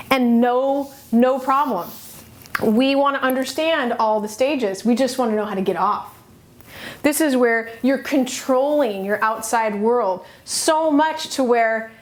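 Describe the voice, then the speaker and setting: Woman, middle-aged, slightly high voice, earnest motivational coach, emphatic, pauses between phrases. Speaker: self-help coach. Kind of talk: motivational teaching talk.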